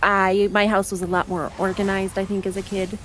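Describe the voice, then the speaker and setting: Young woman, mid-pitched voice, casual gaming chat, chatty, rambling stories, frequent laughs. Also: flat delivery, fairly quick, fairly bright tone, slight background noise. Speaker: streamer. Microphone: desk microphone.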